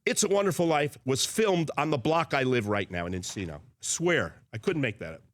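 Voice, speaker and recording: Animated man in his sixties telling stories. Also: medium pitch, brisk. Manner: animated storyteller who slips into impressions. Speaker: guest, impressionist and former sports interviewer. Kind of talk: casual studio radio chat.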